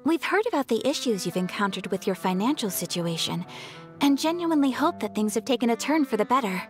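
A gracious young noblewoman speaks formally in a fairly high voice, as a woman voices her. Her intonation is lively. This is a fan voice dub. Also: a little fast, soft background music, lightly acted.

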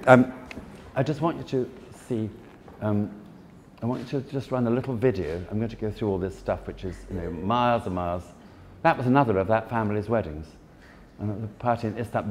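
A man's voice: on the low side, brisk. A man giving a chatty, self-deprecating talk to an audience as an event designer. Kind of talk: anecdotal presentation to an audience. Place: large formal hall. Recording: echoey hall, faint background noise.

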